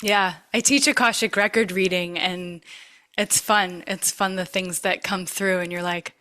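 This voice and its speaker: A woman's voice: lowish voice, fairly even intonation, unhurried, bright, forceful tone. A woman hosting a podcast interview, chatting casually and offering affirming, gushing praise to her guest. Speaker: podcast host.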